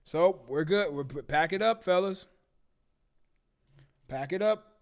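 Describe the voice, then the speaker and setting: With a high voice and an unhurried pace, this livestream talk show host rants casually, swearing and sounding incredulous.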